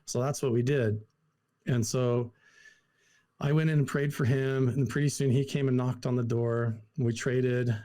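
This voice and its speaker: Mellow-voiced man telling a story. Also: medium pitch, moderate pace. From Idaho. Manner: animated, lots of "like" fillers, acts out quotes. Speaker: podcast guest. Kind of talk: casual storytelling.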